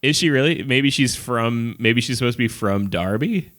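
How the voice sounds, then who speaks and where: A man's voice: moderate pace, background noise. A man co-hosting a podcast, joking through a casual film discussion and often breaking into laughter. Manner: animated, joking, bursts into high laughter. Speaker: podcast co-host.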